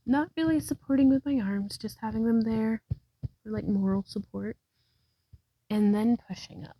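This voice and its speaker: Lady walking thru yoga poses, mellow dry voice, kinda breathless, giggly. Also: a little high, moderate pace, slightly rough, no echo, low-quality recording. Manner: laughs at herself, relaxed and chatty between cues. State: out of breath at times. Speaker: yoga instructor. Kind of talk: guided yoga practice, self-talk. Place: indoors at home by a wall.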